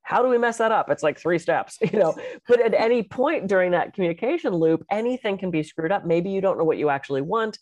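A woman talking as a podcast co-host and speaker, animated and expressive as she tells stories in casual chat. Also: mid-range voice, quick pace, no room sound.

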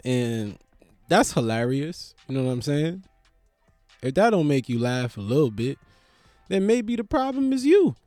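A young man giving a rambling, profane comedic monologue to camera, swinging from loud rants to low mutters. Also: sing-song, unhurried, pauses often, no room sound, soft background music. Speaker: vlogger.

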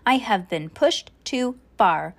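A woman reading aloud and voicing a stern, bossy older woman who shouts in outrage. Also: lively intonation, takes it slowly, creaky, exaggerated voice. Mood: grim. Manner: shrill shouting.

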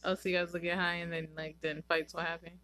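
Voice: mid-range voice, level tone, quick pace, pushed and bright. A podcast co-host in casual chat, teasing and asking short follow-up questions.

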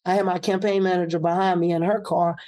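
A man's voice: high-pitched, fast. A man, a political candidate, telling a personal story and acting out what people said. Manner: animated, acts out quoted speech.

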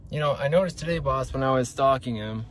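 A man's voice: mid-range voice, fast, slight background noise, voice pushed up, close to an everyday voice. A man voicing a slimy, eager male henchman who keeps sucking up to his boss. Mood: tattling.

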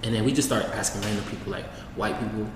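A young man recounts a wild night to his friends in relaxed, slang-heavy speech. He sits well back from the mic in a bare, echoing room with a long tail of reverb. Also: fairly low pitch, racing, noisy background. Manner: laid-back slangy storytelling. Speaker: storyteller among friends. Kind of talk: casual chat. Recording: echoey room, voice from far off.

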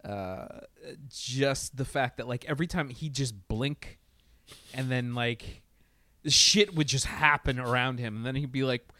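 A man's voice: mid-range voice, measured pace, sharp tone, dry recording. A man chatting casually about a TV show, hesitant, stumbling through restarts as he thinks aloud. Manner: hesitant, many restarts and fillers. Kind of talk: casual review chat.

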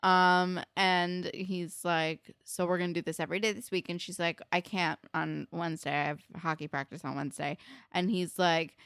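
A woman's voice: fairly low pitch, fairly even intonation, moderate pace, a bit bright, smooth, no echo, clean studio sound. A young woman co-hosting a podcast, chatting casually as she recaps a TV episode with many fillers. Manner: chatty, filler-heavy, acts out quotes. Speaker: podcast co-host.

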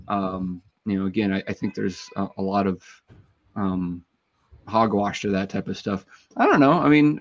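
A man's voice: on the low side, dull audio. A man hosting a casual sports talk chat, his voice jumping up when he makes a point.

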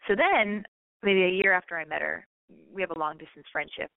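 A woman's voice: fairly low pitch, brisk, vocal fry, no room sound. An American woman in her thirties with a slight lisp, hosting a casual monologue, rambling, swearing and poking fun at herself. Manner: rambling, self-deprecating, swears freely. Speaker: podcast host. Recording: tinny phone-like sound.

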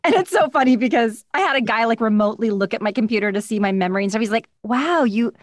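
A woman guesting in a casual interview, recorded on a studio microphone in her home studio with no echo, tells animated stories and performs the voices of the people she quotes. She's an American voice actor with a voice on the high side, talking very fast.

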